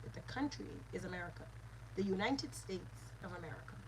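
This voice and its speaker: A woman's voice: mid-range voice, animated, quick pace, slight background noise, low-quality recording. A woman, a mother and spiritual teacher, giving an earnest lesson with repeated phrases and call-and-response. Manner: earnest, repetitive teaching cadence.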